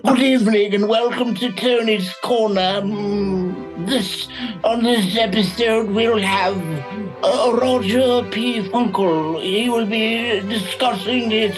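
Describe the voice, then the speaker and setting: A man voicing a pompous, formal male radio announcer who talks slowly and politely and hums between phrases. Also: high voice, over music, voice pushed up, rough recording. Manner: slow, drawn-out, over-polite delivery with hums.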